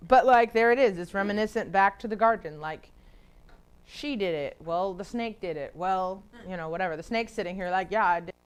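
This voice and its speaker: A woman's voice: medium pitch, normal speed, smooth. A woman leading a casual Bible study. She chats freely, laughs often, leans on "like", and acts out the people she quotes. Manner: chatty, laughs often, lots of filler "like".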